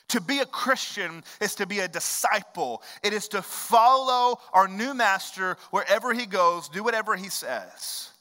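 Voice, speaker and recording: A man preaching a sermon as pastor, animated and conversational, with quick asides to the congregation. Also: sits high. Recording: long hall reverb.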